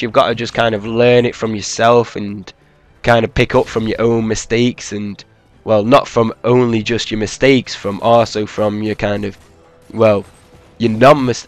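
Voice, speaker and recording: A man's voice: mid-range voice, a bit bright, no room sound. Laid-back man commenting on gameplay. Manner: rambling, profane, laid-back, with many fillers. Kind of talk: casual commentary over gameplay footage.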